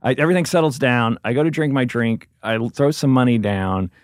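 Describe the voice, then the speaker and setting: A man's voice: medium pitch, a little fast, no echo, studio quality. A man, a comedian, telling a rambling casual story, laughing as he goes and acting out voices. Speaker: comedian guest.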